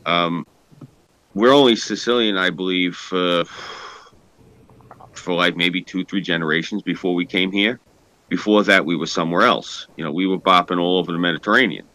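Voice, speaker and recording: A man's voice: deep voice, moderate pace, bright, forceful tone. A man with a New York accent chatting casually, rambling with lots of fillers and swearing. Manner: rambling, profane, hesitant. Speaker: podcast co-host. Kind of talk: casual chat.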